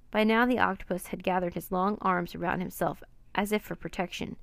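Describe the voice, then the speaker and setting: A woman narrating a children's storybook in a steady, plain reading voice. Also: fairly low pitch, fairly quick, creaky, no room sound.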